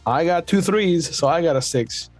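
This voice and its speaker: A man's voice: on the high side, animated, normal speed, no echo, soft background music. A man playing in a tabletop game who animatedly acts out his character's lines. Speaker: player. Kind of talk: casual tabletop play.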